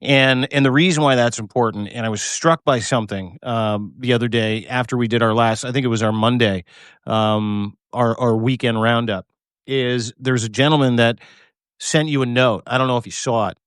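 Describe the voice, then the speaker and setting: Male co-host, emphatic and choked up, swears for emphasis, close dry mic, mid-pitched voice. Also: fairly even intonation, normal speed, fairly bright tone, clean tone, no echo. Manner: fervent, emphatic, swears, repeats words. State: choked up with emotion. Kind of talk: passionate live-stream chat. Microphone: remote video call.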